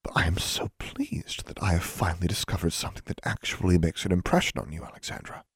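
Icy strict headmistress type, low and husky, soft threats, read by a guy narrator. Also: lively intonation, brisk, no echo, clean studio sound, heavily acted. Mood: cold, menacing. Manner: icy, quiet and menacing, clipped commands. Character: cold stern female school dean, commanding.

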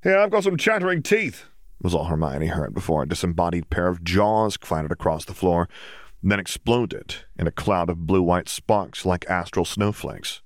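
A man narrating a story in a steady, even reading voice. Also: low-pitched, moderate pace, no room sound, clean studio sound. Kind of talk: audiobook fiction reading.

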